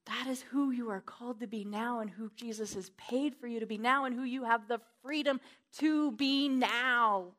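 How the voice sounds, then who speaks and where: Fervent, bright-voiced woman preaching. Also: fairly high pitch, normal speed. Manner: fervent, emphatic, swinging from loud to hushed. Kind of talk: sermon. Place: church.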